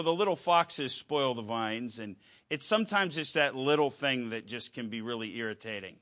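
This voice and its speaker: A man preaching a sermon, telling a story with halting restarts and wry humor. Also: medium pitch, pushed and bright.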